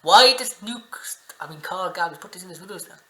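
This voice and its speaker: A man's voice: high-pitched, fairly quick, reverberant, rough recording. Foul-mouthed man heckling a video. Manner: profane, excitable, talks back at the screen. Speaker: reaction video host. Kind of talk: casual reaction commentary. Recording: music playing under the voice.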